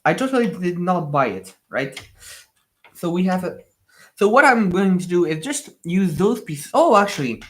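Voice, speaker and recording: A man's voice: high-pitched, very animated, normal speed, a bit bright. A young man, a native French speaker with a French accent, hosting a casual livestream and rambling with many fillers as he answers viewers. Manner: rambling, chatty, many fillers and repeated words. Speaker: livestream host building Lego.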